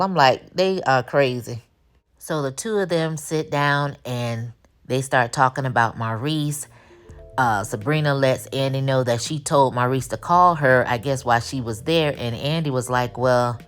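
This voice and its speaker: A woman with a Black way of speaking, recapping a TV episode in casual, animated chat and acting out the characters' lines with attitude. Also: rumbling low. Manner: animated, acts out quotes with attitude. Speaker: TV recap host.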